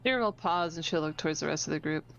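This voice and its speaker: A woman's voice: deep voice, rapid-fire, vocal fry, fairly bright tone, a little hiss or hum. A woman playing a tabletop game, asking hesitant questions. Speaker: player. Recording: dull lo-fi sound.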